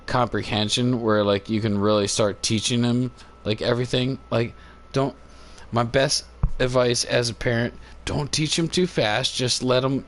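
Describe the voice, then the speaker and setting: A man chatting casually on a livestream into a phone, laughing often and talking in loose, halting, filler-filled sentences. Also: mid-range voice. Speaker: live streamer. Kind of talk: rambling casual chat. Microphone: phone on a cord.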